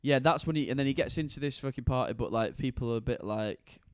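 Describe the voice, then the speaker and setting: A man from Manchester chats casually about a film as a podcast co-host. He rambles with lots of fillers and restarts. His voice is smooth and clear, recorded dry and close. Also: mid-range voice, quick pace, no room sound. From Manchester, England. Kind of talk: casual chat.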